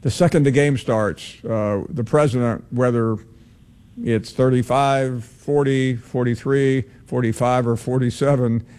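A man hosting a call-in sports radio show, speaking in a relaxed way with many pauses. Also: medium pitch. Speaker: radio sports talk host.

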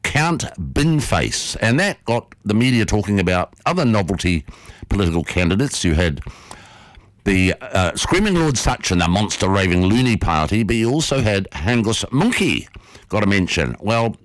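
Animated male radio host telling a story. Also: fairly low pitch, normal speed, no echo, poor audio. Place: radio studio.

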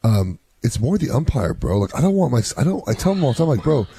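A man, a youth softball coach and father, chatting casually and retelling stories with laughter. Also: mid-range voice, quick pace, gravelly, slightly rough. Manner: animated storyteller, laughs while retelling. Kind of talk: casual chat.

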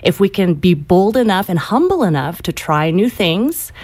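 Low-voiced woman, earnest and encouraging. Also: big pitch swings, moderate pace, a little mellow, husky. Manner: earnest, encouraging, faith-focused. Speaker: author and guest. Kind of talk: conversational interview.

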